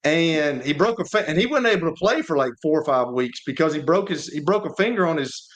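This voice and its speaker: A man's voice: a little high, expressive, fairly quick. A man, a former quarterback co-hosting sports radio, telling stories in a rambling way with many restarts. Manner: rambling, repeats and restarts words. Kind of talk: casual sports talk, storytelling.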